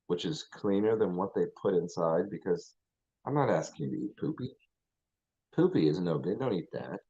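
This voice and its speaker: A man's voice: low voice, darkish tone, breathy edge, dull audio. A man hosting his channel, ranting in a rambling, profane way with lots of restarts. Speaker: channel host. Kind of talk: casual livestream rant.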